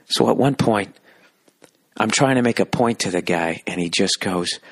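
Husky, lowish man in his forties, sweary podcast rant, plays every part of the story himself. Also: fairly bright tone, no echo, clean studio sound. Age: 40s. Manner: fast, sweary, acts out both sides of a story. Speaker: podcast host. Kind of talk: profane comic rant.

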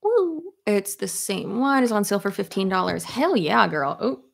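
A woman in her thirties with a gravelly, fry-tinged voice chats casually at home while styling her hair. She rambles from thought to thought and laughs often. Her pitch sits in an ordinary middle range. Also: sing-song, normal speed. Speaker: YouTuber. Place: home office at her desk.

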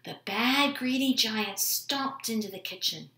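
A woman reading a children's storybook aloud at home, expressive and animated. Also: fairly high pitch, a little slow, reverberant. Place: home room with dogs.

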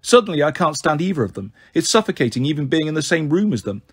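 Husky man reading a novel aloud. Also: on the high side, big pitch swings, fast talker. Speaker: audiobook reader. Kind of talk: first-person novel reading.

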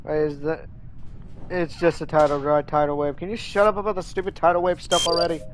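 A man's voice: fairly high pitch, level tone, brisk, background noise. Whiny young man ranting while gaming. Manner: whiny, exasperated rants with repeated complaints. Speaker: streamer. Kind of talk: casual gaming chat.

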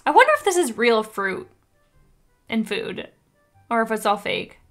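A woman's voice: on the high side, big pitch swings, unhurried, a bit bright, soft background music. A woman with a Canadian accent hosting a reaction video, gushing and laughing often as she comments.

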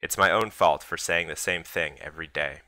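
A man's voice: sits low, moderate pace, pushed and bright, no echo. A man reading a teasing, sick father who speaks in grand mock-solemn poetry.

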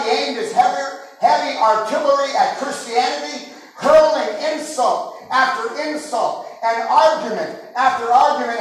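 A pastor preaching a sermon with impassioned delivery that builds to shouts. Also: male voice, very high-pitched. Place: large church sanctuary. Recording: very echoey hall, mic far off.

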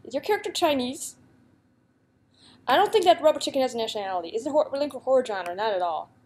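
A woman's voice: sits high, lively intonation, quick pace, darkish tone. A young woman YouTuber chatting casually and giggling as she reads out a guessing game's questions and answers them. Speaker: YouTuber playing a guessing game. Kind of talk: casual gameplay commentary.

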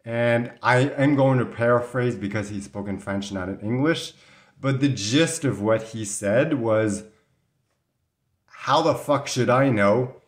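A man from Canada with a somewhat low voice tells a personal story straight to the camera, chatty and rambling, with a mildly indignant edge. An occasional cough breaks through, and the room around him sounds echoey. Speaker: vlogger.

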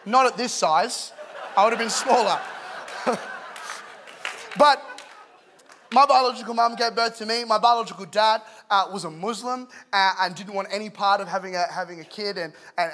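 A man's voice: high-pitched, normal speed, long pauses. A man from England in his thirties preaching a humorous sermon, telling stories with jokes. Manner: joking, animated storyteller. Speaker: pastor.

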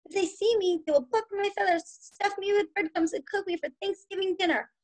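A woman voicing a frantic squeaky turkey. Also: expressive, unhurried, gravelly, a bit bright, heavily acted. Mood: panicked. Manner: frantic, high-pitched pleading. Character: panicky male turkey hiding from hunters.

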